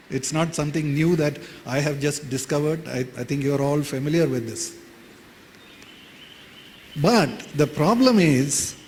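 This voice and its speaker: A man's voice: on the high side, a little mellow. A man with an Indian English accent, giving a sermon in a church hall in a plain, conversational way and repeating key phrases. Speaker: preacher. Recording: reverberant hall with faint noise.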